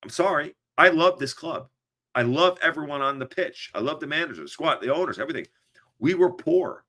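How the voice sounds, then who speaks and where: Guy hosting a footy reaction podcast, bright voice, all over the place pitch-wise, rambly and stumbling. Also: fairly quick. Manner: animated, rambling, stumbles and restarts. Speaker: podcast host. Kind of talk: post-match reaction chat.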